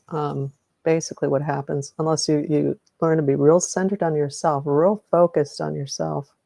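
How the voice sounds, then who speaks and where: Middle-aged woman, meditation host on a live stream; low, mellow voice with gravel, rambling and self-correcting. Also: dry recording. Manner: rambling, self-correcting, greets viewers by name. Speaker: energy healing meditation host.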